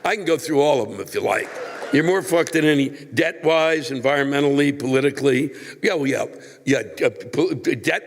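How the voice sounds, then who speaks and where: Profane ranting older man, gravelly voice. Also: on the high side, moderate pace, in a large hall. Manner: ranting, profane, exasperated outbursts. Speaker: comedian. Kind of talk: stand-up rant answering a viewer letter.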